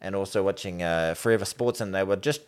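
A man in his forties with a New Zealand accent, co-hosting a casual podcast and telling animated stories. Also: low voice, quick pace, clear, resonant tone. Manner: animated storyteller, acts out quotes in raised voices. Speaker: podcast co-host. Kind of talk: casual chat.

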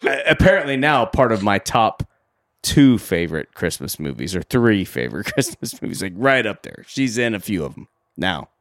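A man's voice: lowish voice, normal speed. A man co-hosting a podcast, casually retelling a movie scene, acting out the characters' lines and laughing often. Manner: animated retelling, acts out lines, frequent laughs. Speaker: podcast co-host. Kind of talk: casual movie recap chat.

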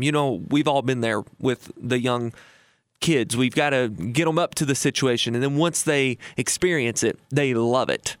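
A man's voice: medium pitch, moderate pace, dry recording. A man in his thirties hosting a radio show on retirement, telling a story in a folksy, chatty way with fillers and restarts. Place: radio studio.

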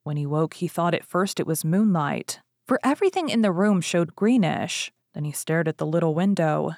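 Give me a woman storyteller in a lower register, reading a fairy tale aloud with lively expression. The sound is dry, with no room echo. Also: moderate pace.

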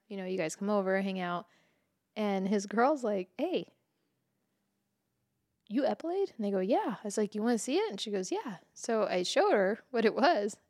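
A woman's voice: medium pitch, quick pace, a little mellow, no room sound, studio quality. A woman co-hosting a podcast in casual chat, telling stories through laughter and plenty of swearing. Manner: laughing storyteller, swears freely. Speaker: podcast co-host.

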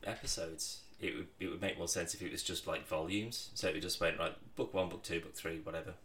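A man's voice: low voice, fairly even intonation, a little fast, a bit bright. A man co-hosting a podcast, chatting casually in a laid-back, offhand way. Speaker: podcast co-host. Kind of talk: casual chat. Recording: faint background noise.

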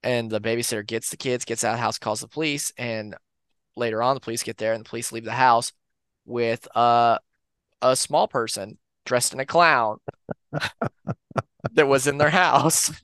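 A man tells urban legends as a podcast co-host, easygoing and rambling. His voice is smooth and clear, sitting in the middle range for a man. The recording is close and dry, with no room sound. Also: medium pitch, normal speed, dry recording. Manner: relaxed, rambling with fillers and restarts. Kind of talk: casual storytelling of urban legends.

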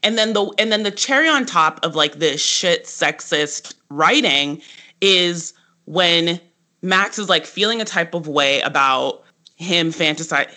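A podcast co-host talks through a TV episode in loose, casual chat. The voice is bright and forceful, peppered with "like," laughs and cheerful swearing. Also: medium pitch, a little slow. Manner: animated and profane, lots of "like" fillers and laughter.

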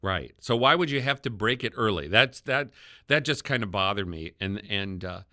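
A man with a Wisconsin accent hosting a political podcast, wry and quick to chuckle. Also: lowish voice, animated, bright, forceful tone, no room sound, studio quality. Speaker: podcast host.

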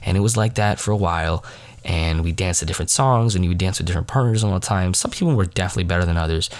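A young man tells a late-night podcast story in a loose, rambling way. His voice sits low and he fills it with constant fillers. He pokes fun at himself and sounds a little sniffly. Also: racing. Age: young adult. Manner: rambling, full of "like" fillers, self-mocking. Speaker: podcast host.

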